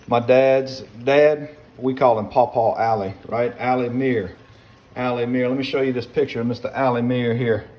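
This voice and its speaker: A man's voice: mid-range voice, lo-fi sound. A man chatting casually while he cooks at the stove, rambling and folksy, calling his viewers y'all and son. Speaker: home cook. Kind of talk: casual cooking vlog chat. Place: kitchen, cooking at the stove.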